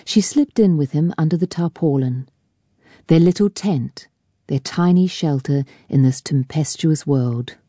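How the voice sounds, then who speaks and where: A woman reading a novel aloud in a measured, even narration on a close mic. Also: sits low, slightly rough, no room sound. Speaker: audiobook narrator. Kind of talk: scripted narration.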